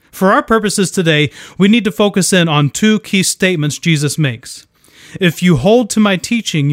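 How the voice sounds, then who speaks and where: A man's voice: fairly high pitch, no room sound, clean studio sound. Earnest man teaching from the Bible. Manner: measured, earnest, reads scripture aloud. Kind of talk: scripted devotional Bible teaching.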